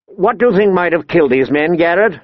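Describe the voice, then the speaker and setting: A man's voice: high-pitched, animated, fairly quick, no echo, lo-fi sound, voice pushed up. A man voicing an aloof, condescending young nobleman with a raised, clipped voice. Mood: haughty. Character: young haughty male knight, bored and aloof.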